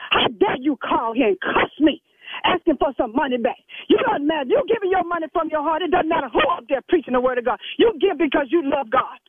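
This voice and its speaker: A man's voice: very high voice, animated, dry recording. A man voicing a stern, sassy church secretary who scolds and preaches at a caller in a comedy phone skit, over a tinny phone line. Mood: indignant, scolding. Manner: scolding, preachy, quick to take offense. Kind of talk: comedic prank phone call.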